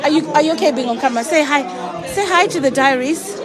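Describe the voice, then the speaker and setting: Woman, bright high chatty greetings, phone-camera vlog, loud crowd behind. Casting note. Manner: bubbly, chatty, quick friendly greetings. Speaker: vlogger filming guests at a ball. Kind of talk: live-stream walkaround greetings. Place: large indoor ballroom. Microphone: handheld phone camera.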